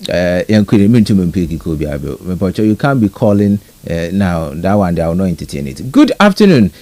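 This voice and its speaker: A man with a Ghanaian accent hosting a live radio talk show and briskly reading out listener messages. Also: low voice, dry recording. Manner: brisk, lively read-out with a rising greeting tone. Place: radio studio.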